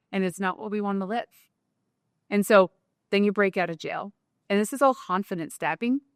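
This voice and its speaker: A woman guest on an interview show, talking in a casual, animated way with lots of "like" fillers. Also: fairly low pitch, smooth, no echo, studio quality. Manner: animated, talkative, many "like" fillers. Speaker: guest entrepreneur.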